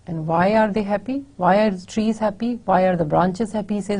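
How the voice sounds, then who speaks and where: Husky, low-toned woman giving a poetry lecture. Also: mellow. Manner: explains slowly, repeats and rephrases lines. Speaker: university lecturer.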